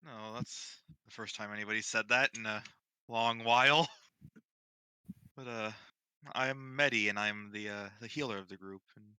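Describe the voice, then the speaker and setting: Bright, crisp-voiced man player. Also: fairly low pitch, steady tone, moderate pace, no echo, rough recording. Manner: casual, hesitant, joking. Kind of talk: in-character and table chat in a tabletop game.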